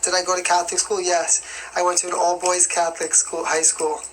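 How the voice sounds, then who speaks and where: A man's voice: high voice, monotone, a little fast, fairly bright tone, slight background noise, poor audio. A young man from New York with a light New York accent, casually answering viewer questions on a live stream in a rambling, chatty way. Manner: chatty and rambling, with constant "you know what I mean".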